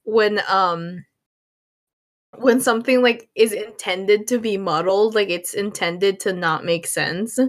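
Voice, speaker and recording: A woman of middle pitch co-hosts a casual podcast. She rambles, strings her thoughts together with lots of fillers, and giggles between them. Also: takes it slowly. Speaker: podcast co-host. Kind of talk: casual chat.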